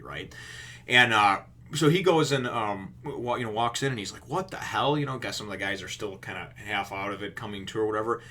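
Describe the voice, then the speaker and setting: A man with a bright, tense edge to his voice retells a comic chapter in a loose, rambling review. He laughs through it, curses freely and acts out the scenes as he goes. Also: lowish voice, a little hiss or hum. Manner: laughing often, profane, acting out the scenes. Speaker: manga reviewer.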